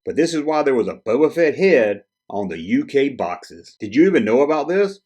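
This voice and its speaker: Lively-voiced man explaining toy history. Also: mid-range voice, normal speed, few pauses. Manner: conversational, asks viewers questions. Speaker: toy collector video host. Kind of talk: casual explanatory chat to camera.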